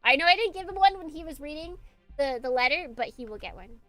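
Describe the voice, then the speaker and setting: A woman's voice: high voice, fast talker, dry recording, faint music behind. A woman streamer giving casual let's play commentary in a joking, giggly way. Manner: giggly, joking, animated asides.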